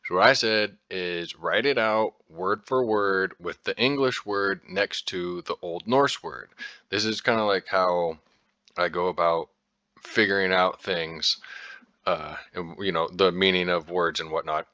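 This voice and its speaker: A man's voice: deep voice, unhurried, bright, forceful tone, no room sound, muffled recording. An American man talking casually as a podcast host, rambling with lots of fillers and restarts and the odd swear word. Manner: informal, occasionally profane. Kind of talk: casual explanatory talk.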